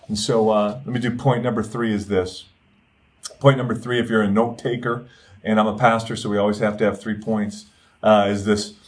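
A middle-aged man preaching a sermon as pastor, earnest, with repeated phrases and stretches where he drops softer. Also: lowish voice.

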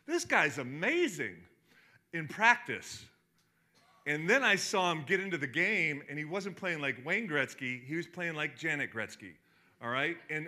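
A man's voice: on the high side, sharp tone. A middle-aged man giving a sermon as a pastor, talking conversationally with lots of restarts and fillers.

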